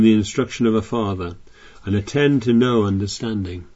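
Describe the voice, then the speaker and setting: A man's voice: lowish voice, moderate pace, hardly any pauses, a little mellow, muffled recording. A man preaching a sermon, reading scripture aloud and explaining it in a chatty way with frequent restarts.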